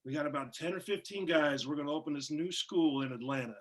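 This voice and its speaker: A man telling casual, animated stories in an interview, swearing and laughing as he goes. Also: a little high, fast talker. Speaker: wrestler guest. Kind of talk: casual storytelling in a shoot interview.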